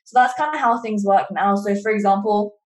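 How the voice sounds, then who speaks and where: A woman's voice: medium pitch, a little fast. Young English woman, chatty, roomy sound. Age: 20s. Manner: chatty, many fillers like "like". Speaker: podcast guest, online coaching entrepreneur. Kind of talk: casual interview talk. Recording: roomy echo.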